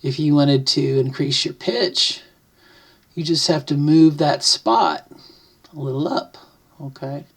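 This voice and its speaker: At home by the kitchen, a middle-aged woman talks to her camera, rambling and thinking aloud, frequently fixing her sentences partway through. She has a deep, husky, creaky voice, speaks slowly, and pauses often.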